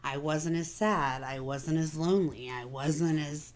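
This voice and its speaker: A woman's voice: deep voice, steady tone, measured pace, darkish tone. A woman hosting a casual personal chat, talking candidly and confidingly with many fillers. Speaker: vlog host.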